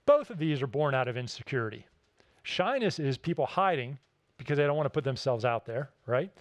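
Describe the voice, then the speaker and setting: A man giving a keynote talk, telling stories in an animated, emphatic way and repeating his key points. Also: a little high, no room sound. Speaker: keynote speaker.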